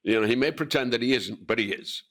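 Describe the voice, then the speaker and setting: A man's voice: medium pitch, fast, a bit bright. An older man, an actor being interviewed, telling stories with lots of swearing and acted-out voices. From Scotland. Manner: swears freely, acts out quoted voices. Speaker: actor guest. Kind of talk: animated anecdotal interview.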